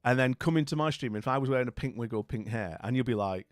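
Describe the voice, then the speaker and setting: A man's voice: mid-range voice, fast talker, no room sound, faint music behind. Chatty rambling male streamer. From northern England. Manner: rambling and chatty, full of "you know what I mean". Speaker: live streamer. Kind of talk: casual live-stream chat while gaming.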